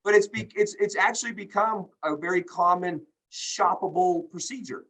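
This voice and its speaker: A man talks on a group video call, fired up and emphatic. He acts out other people's lines in quick asides. His voice sits slightly high for a man. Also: fairly bright tone, low-quality recording. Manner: indignant, emphatic, acts out quoted dialogue. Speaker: healthcare company executive, guest.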